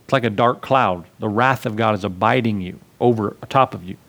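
A man's voice: on the low side, a little fast, gravelly, fairly bright tone. A man preaching a sermon to his congregation in a conversational way, acting out little scenes with asides. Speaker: pastor.

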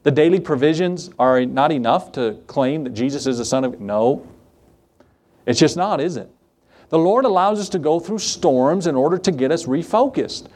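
Animated preacher man, slightly high voice. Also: normal speed. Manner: conversational asides and rhetorical questions. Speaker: pastor. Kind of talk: sermon.

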